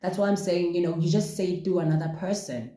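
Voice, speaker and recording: A man hosting a casual podcast monologue, talking in an animated, expressive way and exclaiming often. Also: high voice, fast, roomy sound. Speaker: podcast host.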